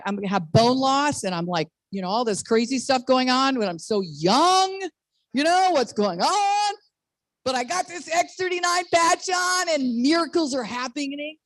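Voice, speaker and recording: On a video call, a sixty-something network marketing presenter gives an enthusiastic, bubbly sales pitch full of personal testimonies, laughing at herself from time to time. The audio has no echo but is low quality.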